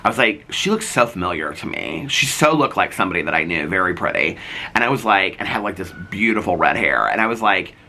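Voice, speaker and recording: A man vlogging, telling a long rambling story in a casual, excitable way with many fillers. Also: low-pitched, fast, a little hiss or hum.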